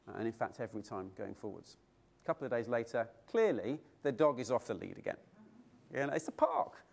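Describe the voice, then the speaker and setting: A man's voice: medium pitch, expressive, fast talker, creaky, darkish tone. Middle-aged guy doing a conference keynote, storytelling, lots of rhetorical questions. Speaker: keynote speaker. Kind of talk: keynote speech. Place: conference hall.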